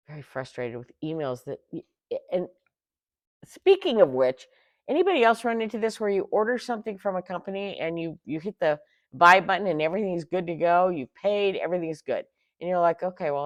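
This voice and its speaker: A middle-aged woman hosting a tarot channel, ranting casually in an exasperated, animated way with sarcastic asides. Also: on the low side, no room sound. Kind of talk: casual rant.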